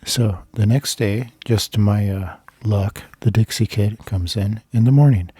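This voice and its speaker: A man telling a casual anecdote in a rambling way, with many filler pauses. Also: lowish voice, warm tone, slightly rough, no room sound. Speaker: storyteller.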